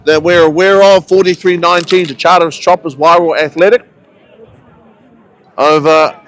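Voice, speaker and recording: A man giving relaxed, chatty live commentary on a local rugby match, with friendly asides between the plays. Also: on the high side, moderate pace, poor audio. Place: outdoors at a rugby ground.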